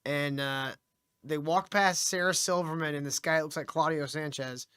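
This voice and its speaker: Woman, podcast co-host, casual profane storytelling, frequent laughter, bright clear tone. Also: sits low, steady tone, moderate pace. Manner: laughs often, acts out voices in anecdotes. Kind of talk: casual crude chat and storytelling.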